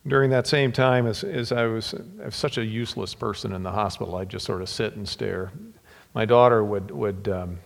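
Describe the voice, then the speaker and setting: A middle-aged man preacher telling personal stories in a sermon, halting and heartfelt, with repeated words and whispers on tender lines. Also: lowish voice, vocal fry. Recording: long hall reverb.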